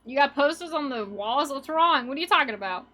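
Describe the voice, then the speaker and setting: A woman's voice: high-pitched, animated, brisk, bright, forceful tone. A young woman streamer in casual, rambling chat with her viewers, laughing often as she talks. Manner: rambling and giggly, chatting with viewers.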